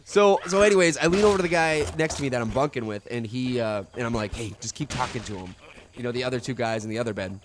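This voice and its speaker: A man's voice: medium pitch, quick pace, few pauses, background noise. A man telling a story in casual let's-play commentary, rambling with many fillers. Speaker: video game commentator.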